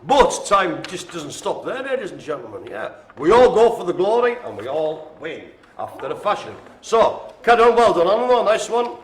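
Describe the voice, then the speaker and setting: A man calls out bingo numbers on a live stream and keeps up a stream of jokes. His voice sits fairly high and bounces all over the place. The sound is roomy and echoey. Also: a little hiss or hum. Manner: jokey, animated, chatty with the room. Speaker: bingo caller. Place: indoor care home lounge. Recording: echoey room.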